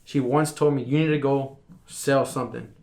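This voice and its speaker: A young man in his twenties chats easily on a podcast, his voice at an ordinary middle pitch. He tells his story in a loose, slangy way, with plenty of fillers along the way. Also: steady tone, moderate pace, dark tone. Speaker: podcast guest. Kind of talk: casual chat.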